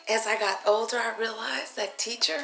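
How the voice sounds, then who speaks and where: A woman with a bright, forceful voice spins a loose, profane story straight to her viewers, laughing as she goes. She sounds animated and unfiltered. The sound has a roomy echo around it. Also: on the high side, normal speed, gravelly. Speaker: vlogger. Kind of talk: casual storytelling monologue.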